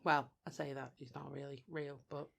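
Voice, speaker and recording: A woman's voice: extremely low pitch, flat delivery, moderate pace, creaky, a bit bright, a little hiss or hum. A young woman co-hosting a casual film commentary, teasing her co-host in dry banter.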